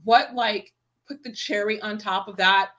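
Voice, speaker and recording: A woman's voice: medium pitch, fairly even intonation, measured pace, pushed and bright. A woman co-hosting a casual livestream chat, enthusiastic and swearing casually, with lots of "like" fillers. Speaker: co-host. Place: home, live stream.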